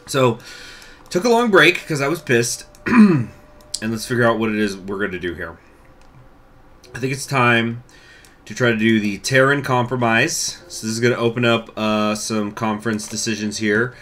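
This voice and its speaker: A man giving casual let's-play commentary on a strategy game, thinking aloud, with hiccups, coughs and throat clearing. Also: on the low side, normal speed, long pauses, a bit bright. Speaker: gaming YouTuber.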